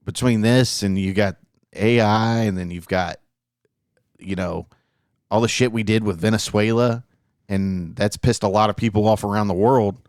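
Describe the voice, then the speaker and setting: A man's voice: fairly low pitch, fairly even intonation, moderate pace, darkish tone, no echo, studio quality. A man co-hosting a casual podcast, talking earnestly and rambling, with lots of swearing and trailing fillers. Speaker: podcast co-host. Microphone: studio mic.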